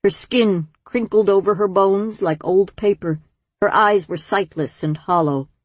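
A woman narrating an audiobook in a measured, gentle storytelling manner. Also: medium pitch, dry recording. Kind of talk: scripted narration.

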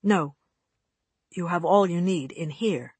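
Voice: mid-range voice, takes it slowly, darkish tone, slightly rough, no echo. A narrator voicing a cold, solemn male cult captor who speaks in stiff, formal commands. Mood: commanding.

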